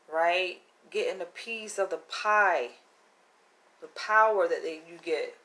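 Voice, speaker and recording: A woman's voice: fairly low pitch, slow pace, pushed and bright. A woman from the United States vlogging casually to her small audience. She speaks with a slangy, emphatic, profane delivery, pressing her points in a conspiratorial tone. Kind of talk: casual monologue to camera.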